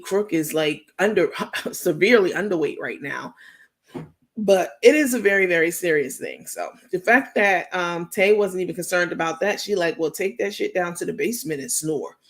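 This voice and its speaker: New york lady spilling tea on her stream, kinda gravelly, lots of ums and y'all. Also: fairly low pitch. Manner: chatty, drawn-out, slangy, full of fillers. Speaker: host. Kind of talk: gossip commentary stream.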